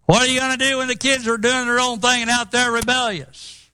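A man's voice: very high-pitched, little pitch movement, a little fast, pushed and bright, smooth, no echo. A middle-aged man preaching a sermon, emphatic and quoting scripture with rising intensity.

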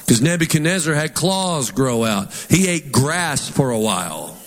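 A pastor with a Southern twang preaching a sermon in an animated, folksy way, putting on mock voices. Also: male voice, a little high, a little slow, a crowd in the background. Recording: long hall reverb.

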